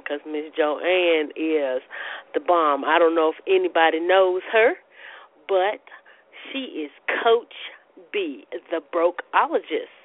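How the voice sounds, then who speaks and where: A woman hosting a casual radio talk show, bubbly and gushing, dropping call-and-response church phrases. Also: low voice. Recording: tinny phone-like radio audio.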